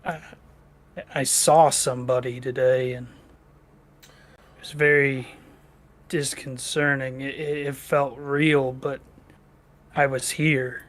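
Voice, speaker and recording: A man playing his character in a tabletop game, talking hesitantly with many pauses and fillers. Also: medium pitch, little pitch movement, fairly bright tone. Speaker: player.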